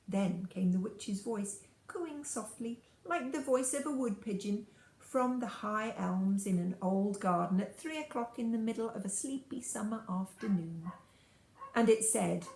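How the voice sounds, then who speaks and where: A woman reads a children's story aloud with expressive storytelling. Her voice sits at a middle pitch, and the room adds a clear echo. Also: measured pace. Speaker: storybook reader. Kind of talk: reading a children's book aloud.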